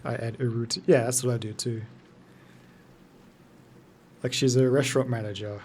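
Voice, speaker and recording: A man's voice: mid-range voice, fairly even intonation, moderate pace, darkish tone, a little hiss or hum. A man in his thirties chatting casually while streaming a game, loose and joking, answering his chat. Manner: loose, joking, sweary, talks to chat between game moments.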